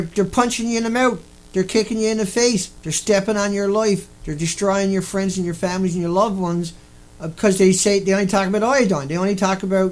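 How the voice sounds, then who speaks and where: A man delivering an angry, repetitive rant, swearing often as he talks to his viewers. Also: high-pitched. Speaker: video blogger.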